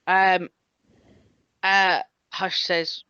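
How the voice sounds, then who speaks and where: A woman narrating a tabletop game as game master, halting with many fillers. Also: on the low side, flat delivery, pushed and bright, clean tone, no room sound. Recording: dull lo-fi sound.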